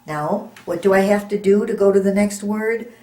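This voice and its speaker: A woman teaching young children to read, sounding out letters slowly and patiently with encouraging praise. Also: mid-range voice, warm tone, roomy sound. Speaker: reading teacher. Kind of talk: phonics lesson for young children.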